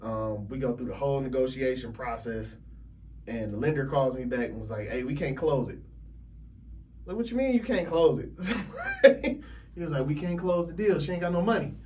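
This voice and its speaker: An animated man tells a story as a realtor guest on a podcast, laughing often and acting out what other people said. The mic sits a bit far from him, with faint noise in the background. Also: medium pitch, a little fast. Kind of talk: casual storytelling.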